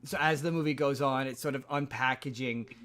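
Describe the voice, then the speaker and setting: A man's voice: medium pitch, fairly even intonation, fairly quick, fairly bright tone. Rambling male podcast host. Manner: rambling, loose storytelling with frequent restarts. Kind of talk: casual chat, recapping a movie plot.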